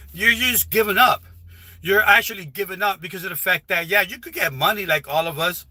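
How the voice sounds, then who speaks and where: Man, high and bright-toned, rambling casual livestream advice, dry close phone sound. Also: fairly quick, no room sound. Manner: rambling, repetitive, with frequent restarts. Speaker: livestreaming YouTuber. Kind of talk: casual live stream advice talk. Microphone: phone held while livestreaming.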